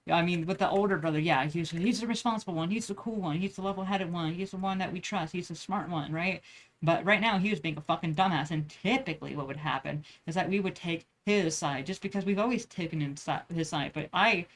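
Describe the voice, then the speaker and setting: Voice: medium pitch, a little fast. Casual young adult yapper, cursing, restarting sentences, chatting as they draw. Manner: rambling, profane, many restarts. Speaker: vlogger. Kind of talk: casual rambling chat while drawing.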